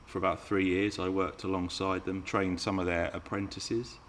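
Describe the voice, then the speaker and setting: A man's voice: deep voice, level tone, moderate pace, fairly bright tone, slight background noise. A man hosting a live Q&A stream, chatting with viewers and reading out their comments. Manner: chatty and playful, teasing viewers. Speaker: RC car channel host.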